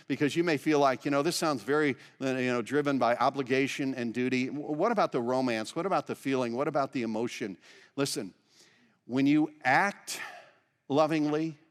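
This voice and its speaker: A man's voice: mid-range voice, in a large hall. A man pastor preaching a sermon in an earnest, conversational way, posing rhetorical questions to the congregation. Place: church sanctuary.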